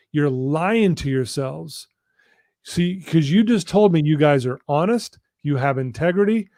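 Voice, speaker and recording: A man with a slightly high voice tells a story with earnest, drawn-out emphasis on key lines. He speaks as a coach and guest in a live interview. The sound is dry and close. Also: darkish tone, no room sound. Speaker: guest, personal-development coach.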